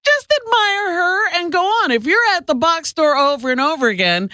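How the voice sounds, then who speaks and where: Bright, lively radio co-host woman. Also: extremely high pitch, moderate pace, no echo. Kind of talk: talk radio banter.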